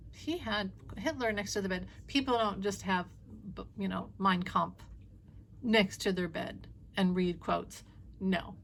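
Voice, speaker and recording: A woman giving a casual, opinionated monologue as a spiritual reader, blunt and animated, swearing freely. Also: mid-range voice, unhurried, vocal fry, slight background noise.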